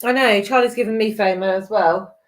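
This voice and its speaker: A woman co-hosting a live book chat, lively and quick to laugh. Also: medium pitch. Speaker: co-host of a book livestream.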